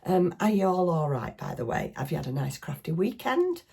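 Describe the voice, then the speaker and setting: Middle-aged Northern English woman, craft vlogger, low and husky, rambling self-deprecating chat. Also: big pitch swings, a little fast, a little mellow. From northwest England.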